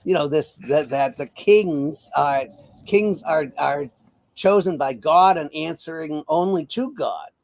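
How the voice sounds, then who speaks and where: A man's voice: fairly high pitch, slow, gravelly. A man giving casual political commentary as an interview guest, wry and often laughing, with many fillers and restarts, over a video call.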